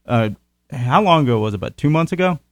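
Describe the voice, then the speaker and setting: A man hosting a casual chat about paranormal investigations, relaxed and rambling. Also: fairly high pitch, fast talker, dry recording, clean studio sound. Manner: relaxed, rambling, with many fillers.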